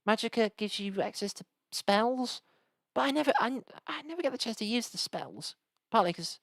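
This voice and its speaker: A woman's voice: on the high side, animated, normal speed, creaky, no room sound. A woman chatting casually and rambling while she live-streams old games. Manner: rambling, chatty, lots of restarts and asides.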